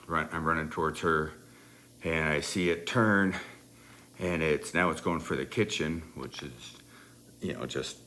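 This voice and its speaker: Very deep-voiced man telling a rambling story. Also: measured pace, sharp tone, a little hiss or hum. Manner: rambling, many "you know" fillers, laughs while telling. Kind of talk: casual personal anecdote.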